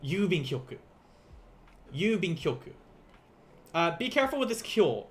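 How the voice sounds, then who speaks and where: A young man teaching beginner vocabulary in a casual livestream, playful and quick to laugh, repeating each word slowly for learners. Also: fairly high pitch, sing-song, fairly bright tone. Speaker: language teacher.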